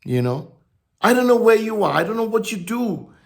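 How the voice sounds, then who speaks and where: A man preaching a sermon, halting and repeating words, swinging from soft reflection to emphatic declarations. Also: high-pitched, big pitch swings, creaky.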